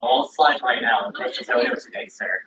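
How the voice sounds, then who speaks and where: A man's voice: mid-range voice, fairly quick, bright, forceful tone. Chatty man emceeing in an echoey hall. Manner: chatty, apologetic, stumbles over names. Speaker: event emcee. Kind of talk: live event hosting. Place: large indoor convention hall. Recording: echoey hall, distant dull sound.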